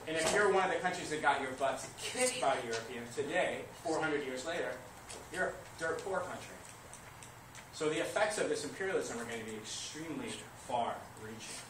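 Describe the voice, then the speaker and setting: Guy teacher lecturing his class, kinda high voice, mic way back in a noisy room. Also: normal speed. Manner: lively, asks the class questions and answers them himself. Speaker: history teacher. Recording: echoey classroom recorded from far off, noisy.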